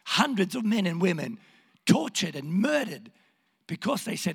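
Hoarse, impassioned male preacher in a hall. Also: high-pitched, big pitch swings, normal speed. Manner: impassioned, swings from hushed to shouting. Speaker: pastor. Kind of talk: sermon.

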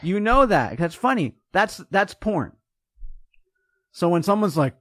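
Male podcast host, upper voice, animated and joking, dry close sound. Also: sits high, measured pace, pauses often, no echo. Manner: animated, jokey, acts out voices. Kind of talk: casual chat.

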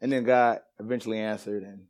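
A man's voice: lowish voice, steady tone, quick pace, a little mellow. A man preaching in a church, telling a personal story with laughter and casual slang before turning to scripture. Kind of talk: storytelling sermon. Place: church sanctuary.

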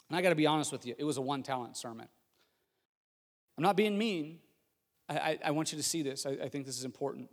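A man in his thirties, a pastor delivering a sermon in a conversational, humorous way that builds to emphatic repetition. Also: a little high. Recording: long hall reverb with faint music.

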